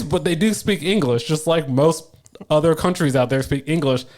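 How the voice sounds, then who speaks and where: A man's voice: a little high, normal speed, darkish tone. A man from the United States co-hosting a podcast, arguing and ranting in casual, profane chat. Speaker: podcast co-host.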